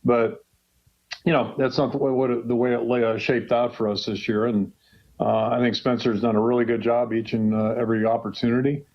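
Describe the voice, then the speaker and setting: A man's voice: medium pitch, flat delivery, brisk. A man in his sixties, a head football coach from Western Pennsylvania, chatting casually on a radio show with a rambling, folksy manner full of fillers. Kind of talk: casual radio call-in chat. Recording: dull lo-fi radio broadcast sound.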